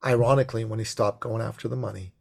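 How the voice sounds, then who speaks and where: A man guest telling a story in conversation, acting out the dialogue with animation and a gravelly voice. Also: fairly low pitch, steady tone, fast talker.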